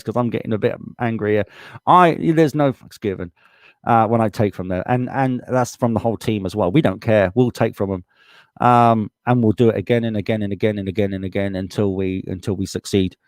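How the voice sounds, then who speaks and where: A man's voice: fairly low pitch, a little mellow, no echo, clean studio sound. A man with a British accent hosting a live stream, reading out viewer comments in a casual, blunt way and swearing freely as he gets heated. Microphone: desktop USB microphone.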